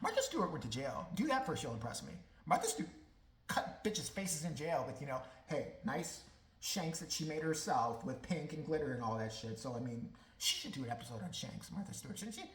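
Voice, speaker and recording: A woman's voice: rumbling low, very animated, a little fast, reverberant, rough recording. A woman vlogger giving a profane, sarcastic ranting commentary full of mockery.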